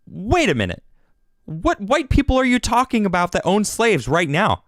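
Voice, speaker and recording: A man in the middle of a fed-up rant on his own podcast, often stumbling and restarting. His pitch leaps up and drops away. The sound is dry and close, with no room around it. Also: normal speed, no echo. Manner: animated, exasperated, restarts often. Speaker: podcast host. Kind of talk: ranting political commentary.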